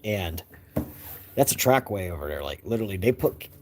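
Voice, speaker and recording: Very deep-voiced man chatting on a livestream. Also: expressive, moderate pace, background noise. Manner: rambling, easygoing, chuckles often. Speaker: livestream host talking to chat and his young son. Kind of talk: casual livestream chat. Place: indoors at a window at night.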